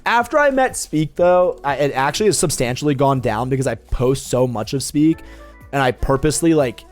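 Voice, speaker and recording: While gaming on stream, a young man spins a casual, profane, meandering story, with soft music playing behind him. His voice is mid-range and animated, moving at a moderate pace.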